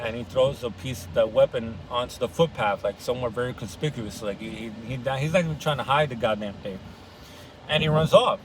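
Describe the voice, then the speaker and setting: A man's voice: mid-range voice, a little fast, a crowd in the background, poor audio. A man casually recapping a novel, rambling and slangy, swearing and correcting himself as he goes. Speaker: book discussion vlogger.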